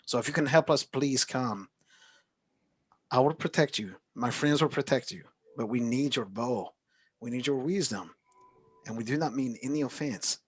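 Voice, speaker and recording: A man's voice: medium pitch, moderate pace, husky, natural voice. A man voicing an earnest, persuasive wandering bard in a tabletop game.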